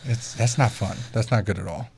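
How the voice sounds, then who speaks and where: A man's voice: lowish voice, a little fast, gravelly, a little mellow, breathy edge, dry recording. A young man hosting a casual podcast, telling loose, profane stories. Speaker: podcast host.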